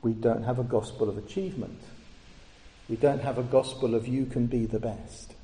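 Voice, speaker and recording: A man's voice: mid-range voice, steady tone, moderate pace, mellow. A man preaching a sermon in a church, earnest and emphatic, lifting his voice on key words. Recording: echoey church hall.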